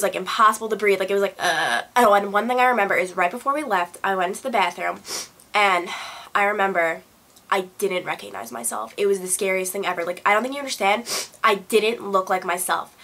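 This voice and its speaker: Young woman vlogger, quick and bright, casual animated storytelling. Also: medium pitch. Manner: animated retelling, acts out quotes, fillers like "blah blah". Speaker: beauty vlogger.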